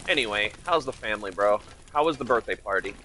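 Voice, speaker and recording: A man from Michigan, United States, chats casually with viewers while streaming a game, rambling and greeting people by name. His lowish voice is expressive and fast, and there's noise in the background.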